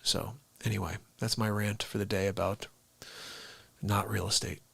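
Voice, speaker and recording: A man's voice: lowish voice, little pitch movement, normal speed, creaky, fairly bright tone, husky, no room sound. A man hosting his daily live stream, ranting casually and talking straight to his viewers. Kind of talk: unscripted live-stream chat.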